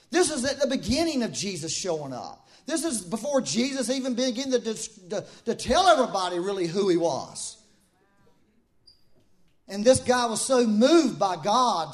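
A man preaching a sermon in a conversational, animated way, with asides and laughs. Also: high-pitched.

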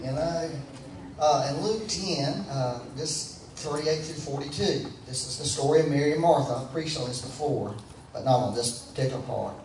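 A man's voice: on the high side, moderate pace, a little mellow. Man, sermon, conversational, congregation call-and-response, distant mic, faint room noise. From United States. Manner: conversational, folksy, calls for audience responses. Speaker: preacher. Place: church sanctuary. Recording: roomy, from a distance with faint background.

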